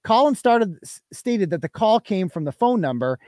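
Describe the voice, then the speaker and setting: Indignant high-voiced male podcaster. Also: very animated, moderate pace, warm tone, no room sound, studio quality. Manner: indignant, emphatic, incredulous. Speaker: podcast host. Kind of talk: live show commentary.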